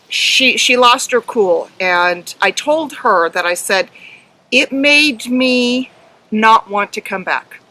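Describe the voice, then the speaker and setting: A middle-aged woman co-hosting a casual podcast, telling a story earnestly and emotionally, with halting ums. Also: medium pitch, pushed and bright, low-quality recording. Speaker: podcast co-host and herding judge.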